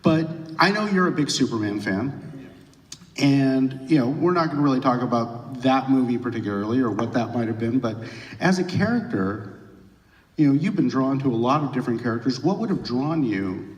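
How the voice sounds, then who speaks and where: A man's voice: mid-range voice, lively intonation. Guy interviewer on stage, lots of uhs and you knows, roomy hall sound, mic far away. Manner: halting questions with many fillers. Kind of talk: onstage interview. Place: large venue stage.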